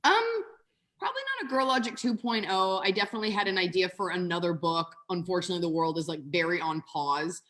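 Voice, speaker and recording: A woman in her thirties, a comedian guest on a video call, talking in a casual, animated, self-mocking way with quick asides. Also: on the low side. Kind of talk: casual interview chat.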